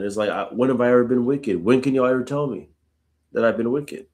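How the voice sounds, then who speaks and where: A man's voice: mid-range voice, a little fast, a little mellow. A man hosting a live Bible study, reading verses aloud and then reflecting on them in a casual, conversational way. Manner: uses casual "y'all" asides. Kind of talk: live scripture reading with commentary.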